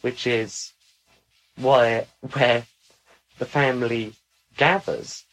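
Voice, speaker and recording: Guy chatting, deadpan jokes, takes his time explaining stuff, medium pitch. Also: poor audio. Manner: dry storyteller, slow deliberate explanations. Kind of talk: casual conversation.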